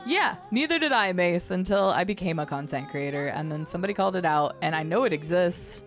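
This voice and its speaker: Chatty woman streamer with vocal fry. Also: lively intonation, brisk, faint music behind. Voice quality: low vocal fry at phrase ends. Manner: chatty and rambling, laughs often. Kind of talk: casual live-stream chat, reading and answering chat. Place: home streaming setup.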